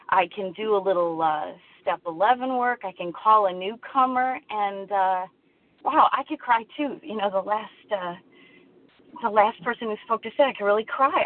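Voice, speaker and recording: A woman in her fifties sharing at a recovery meeting, earnest and a little halting. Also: on the high side. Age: 50s. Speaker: meeting share. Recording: phone line.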